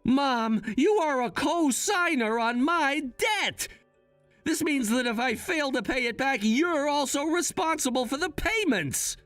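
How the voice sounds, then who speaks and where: Man as a calm, scheming son, high and animated voice. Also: a little slow, dry recording, faint music behind, heavily acted. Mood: calculating. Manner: calm, matter-of-fact, quietly scheming. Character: scheming young adult son, calm and calculating.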